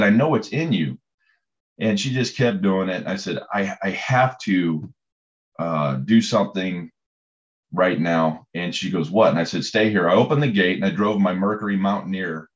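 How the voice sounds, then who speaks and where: A man's voice: low-pitched, dull audio. A man, a coach, telling stories in a conversation, rambling with many fillers and restarts. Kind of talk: storytelling in conversation.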